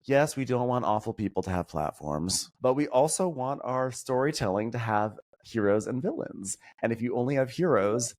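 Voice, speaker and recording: A man guesting on a podcast, chatting about reality TV in an animated, opinionated way and mimicking people he quotes. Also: medium pitch, normal speed, hardly any pauses. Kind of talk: casual pop-culture chat.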